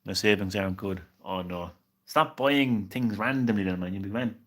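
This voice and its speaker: Bright-voiced young man chatting on stream. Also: lowish voice, normal speed. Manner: reassuring, says "man" constantly, stumbles and repeats words. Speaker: game streamer. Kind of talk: casual live-stream chat.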